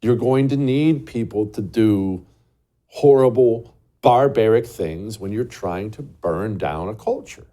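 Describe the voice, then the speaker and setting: A man's voice: lowish voice, slow pace, mellow. Emphatic male commentary host. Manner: emphatic, scornful, rhetorical questions. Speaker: show host. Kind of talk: political commentary monologue.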